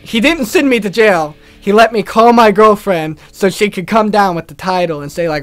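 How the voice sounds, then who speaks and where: A man's voice: high-pitched, normal speed, a bit bright, faint music behind. A young man hosting a casual video, telling a rambling story and swearing freely. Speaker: gaming channel host.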